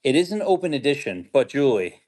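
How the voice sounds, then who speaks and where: A man's voice: medium pitch, big pitch swings, brisk, darkish tone. A man hosting a pin sale livestream, chatting casually with restarts and calling out auction items. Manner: rambling, enthusiastic, restarts sentences. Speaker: host selling pins on a livestream. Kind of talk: casual chat and auction calls.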